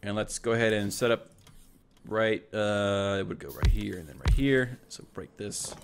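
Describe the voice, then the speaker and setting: Recorded with a little hiss or hum, this let's play host has a lowish voice and a moderate pace. He narrates his gameplay casually, thinking things over aloud, correcting himself, and talking to the robots on screen.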